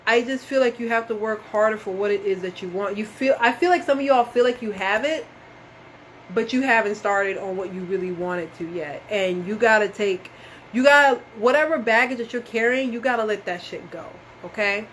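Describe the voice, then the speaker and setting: A woman's voice: medium pitch, moderate pace, a bit bright, slight background noise, low-quality recording. A woman doing a casual live-stream tarot reading, talking straight to her viewers, calling them y'all and swearing now and then. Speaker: tarot reader.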